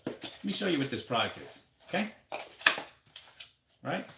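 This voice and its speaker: A man's voice: medium pitch, very animated, measured pace, gravelly, reverberant, very noisy. A man hosting a casual live question-and-answer stream, rambling and repeating words as he talks straight to his viewers. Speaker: livestream host answering seller questions.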